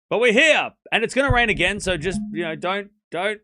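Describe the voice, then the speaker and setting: Bright, playful Australian man streaming. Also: high voice, expressive, dry recording. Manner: playful, jokey, quick to laugh and exclaim. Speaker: streamer hosting a tennis watchalong. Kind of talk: casual livestream chat reading out viewer questions.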